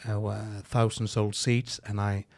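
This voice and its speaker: A man's voice: fairly low pitch, flat delivery, vocal fry. A man with a Norwegian accent, a comedian chatting candidly as a podcast guest, with frequent restarts. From Norway. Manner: candid, quick, lots of restarts and laughs. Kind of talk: casual podcast chat.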